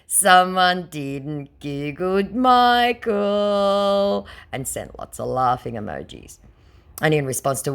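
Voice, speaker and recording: A woman reading out her chats with a scammer in a sarcastic, theatrical way, jumping high when she quotes her own replies. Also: very animated, measured pace. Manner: mocking, theatrical, swings high when quoting herself. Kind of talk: sarcastic read-aloud of chat messages.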